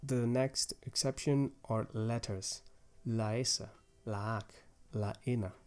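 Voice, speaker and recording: A man's voice: mid-range voice, fairly even intonation, takes it slowly, darkish tone, clean tone. A young man patiently explaining grammar rules step by step in a language lesson, with small restarts as he goes. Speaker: language teacher.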